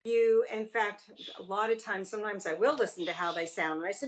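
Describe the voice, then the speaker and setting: A woman's voice: medium pitch, fairly quick. A woman who studies voice, answering questions thoughtfully with hesitant starts. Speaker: voice student. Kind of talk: conversational interview.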